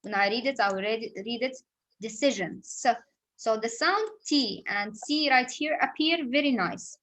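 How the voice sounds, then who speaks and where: A woman's voice: on the high side, moderate pace, a bit bright, low-quality recording. Patient woman teaching English sounds. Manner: patient, repetitive explaining with examples. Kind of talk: phonics lesson.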